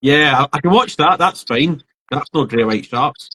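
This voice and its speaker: A man's voice: a little high, moderate pace, dry recording, low-quality recording. A man co-hosting a podcast, chatting casually and rambling through his stories. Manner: rambling, animated storyteller. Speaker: podcast co-host. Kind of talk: casual chat.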